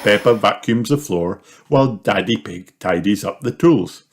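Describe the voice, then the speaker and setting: A man reading a children's storybook aloud in a slow, lively storytelling manner. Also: fairly low pitch. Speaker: storybook reader. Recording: noisy home recording with clicks.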